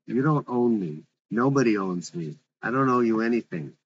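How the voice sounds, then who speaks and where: A man reading the part of a defiant, sharp-tongued young woman, with blunt, mocking retorts. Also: on the low side, lively intonation, normal speed, lo-fi sound, natural voice.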